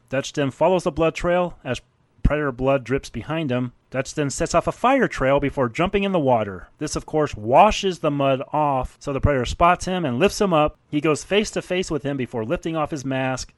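A man's voice: a little high, moderate pace, no room sound. Man casually recapping a movie. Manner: narrates scenes, animated and laughing. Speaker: podcast co-host recapping a film.

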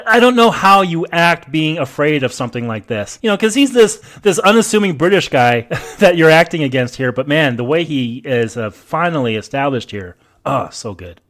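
A man's voice: a little high, lively intonation, normal speed, hardly any pauses, fairly bright tone. A man co-hosting a podcast, chatting casually and enthusiastically about a film as it plays, with emphatic praise. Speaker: podcast co-host. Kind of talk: casual movie commentary chat.

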